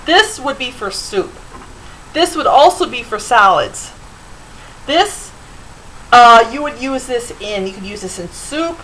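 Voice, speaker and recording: A woman's voice: a little high, lively intonation, unhurried, long pauses, bright, forceful tone, poor audio. A middle-aged woman hosting a home cooking show, chatting loosely with fillers as she demonstrates in her kitchen.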